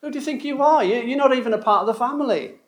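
A man putting on an indignant scolding mourner. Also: very fast. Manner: high-pitched, affronted, scolding questions. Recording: roomy echo.

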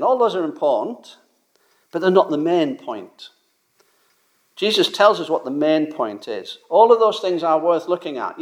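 A man with a fairly high voice preaches a sermon. His delivery is emphatic, pushing some phrases out loudly and dropping others low. It has the steady cadence of a pulpit message. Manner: emphatic, rises and falls in loudness for stress.

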